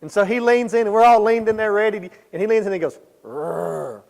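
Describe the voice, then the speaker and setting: High-voiced preacher in an echoey church. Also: male voice, rapid-fire. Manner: animated storyteller, swinging between loud emphasis and quiet asides. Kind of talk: sermon. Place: church sanctuary.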